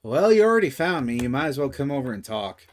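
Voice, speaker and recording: A man's voice: mid-range voice, sing-song, quick pace, a little hiss or hum, pitched above the performer's own voice, lightly acted. A man voicing a mysterious stranger in a leather coat with a mechanical hand, speaking bluntly and offhand in a tabletop game.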